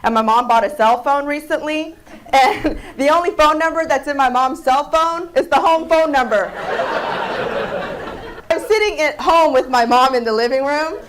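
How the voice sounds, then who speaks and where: A woman comedian who grew up in Seattle, telling stories in a stand-up set with deadpan delivery and abrupt punchlines. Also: high voice, moderate pace, a little hiss or hum, poor audio. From came to the US at age four, grew up in Seattle.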